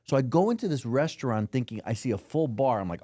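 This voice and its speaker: A man's voice: medium pitch, fast, dry recording, clean studio sound. A man hosting a casual podcast interview, telling stories with acted-out voices. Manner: animated storytelling, acts out voices. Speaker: podcast host.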